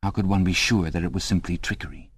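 A man narrating an audiobook with a calm, even, measured delivery. His voice is lowish in pitch and recorded very dry and close, with no room echo. It suits serious literary fiction. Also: husky. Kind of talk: scripted narration.

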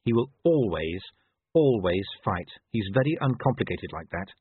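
A man's voice: fairly low pitch, big pitch swings, normal speed, slightly rough, dry recording, full character voice. A man voicing a blunt, sarcastic young woman who is a werewolf. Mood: sardonic. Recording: tinny lo-fi dry recording.

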